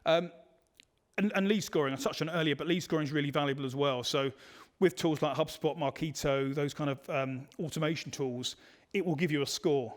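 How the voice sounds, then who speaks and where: A man's voice: on the high side, a little fast. A man presenting a digital marketing webinar in a conversational way, full of fillers and restarts. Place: online webinar.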